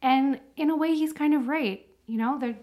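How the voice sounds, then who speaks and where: A woman co-hosting a podcast, talking in a chatty, animated way with many fillers. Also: sits high, moderate pace. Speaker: podcast co-host. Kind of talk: casual chat.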